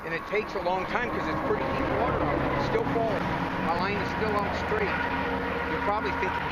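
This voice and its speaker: A man talking straight to the camera from a river bank, folksy and excited and audibly out of breath. His voice sits a little high. Clear outdoor noise runs under the camera mic. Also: a little fast. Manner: excited, folksy, talks to viewers directly. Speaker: fishing show host. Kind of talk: outdoor fishing commentary.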